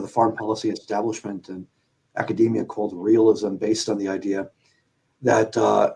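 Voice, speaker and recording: A man, an author and panel guest on a radio talk show, explaining in a measured, academic way with frequent ums and you-knows. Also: lowish voice, gravelly, darkish tone, rough recording. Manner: measured, academic, hesitant with fillers.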